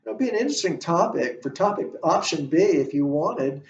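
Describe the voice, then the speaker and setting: A male instructor lecturing on a play, talking haltingly with many fillers and restarts. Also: a little high, animated. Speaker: literature instructor. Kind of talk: classroom lecture. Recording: echoey room, distant mic, dull sound.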